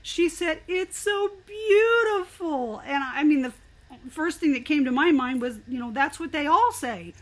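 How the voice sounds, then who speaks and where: An older woman speaks as an interview guest, her voice pitched high. She tells her story with animated, expressive energy, in a casual conversational way. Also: normal speed.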